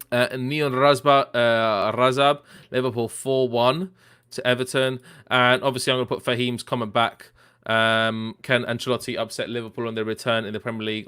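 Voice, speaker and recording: On a live football watchalong, a host with a medium-pitched, sharp, clean voice chats away casually. He leans heavily on fillers and reads out what viewers post, calling out their names and predictions.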